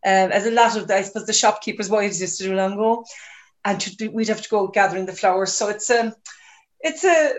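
Irish woman reciting her poem. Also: medium pitch. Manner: quick, rambling introduction with gentle recital. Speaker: open mic poet. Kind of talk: reading her own poem with spoken intro. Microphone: video call.

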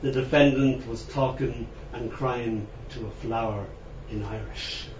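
A man tells a personal story in a gentle, tender voice that often drops low and hushed. He is picked up from a distance in a roomy space, and the recording sounds dull and muffled. A faint hiss sits underneath. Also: fairly even intonation, measured pace. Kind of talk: spoken storytelling performance.

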